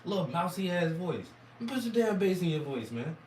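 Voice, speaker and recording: A hoarse man giving crude, mocking reaction commentary in a rambling rant. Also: high voice, sing-song, brisk, darkish tone, echoey room, far from the mic, a little hiss or hum, poor audio. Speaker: commentator reacting to debate clips.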